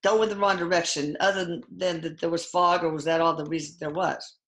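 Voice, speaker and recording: A woman's voice: on the low side, fairly even intonation, fairly bright tone, roomy sound. An older woman in casual conversation as host, retelling a hard experience with many halts and restarts. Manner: halting, emotional retelling with restarts. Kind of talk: casual chat.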